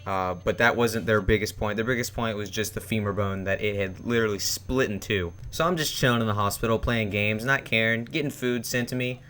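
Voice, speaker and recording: A man's voice: lowish voice, a little fast, hardly any pauses, fairly bright tone. A young man telling a personal story in a rambling, casual way, with many fillers and restarts. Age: young adult. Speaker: vlogger.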